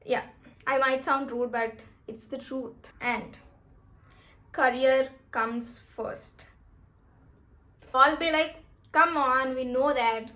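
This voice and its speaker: A young woman with a slightly high voice gives life advice in a casual vlog. She talks in a chatty, emphatic way and now and then eats while she speaks. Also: fairly even intonation, slow, pauses often, bright, forceful tone. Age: 20s. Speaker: vlogger.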